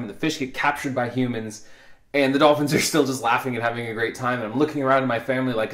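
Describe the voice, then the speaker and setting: Man, comedic rant, sarcastic, theatrical outbursts, middle pitch, roomy echo. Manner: sarcastic, exaggerated storytelling with sudden outbursts. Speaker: comedic vlogger.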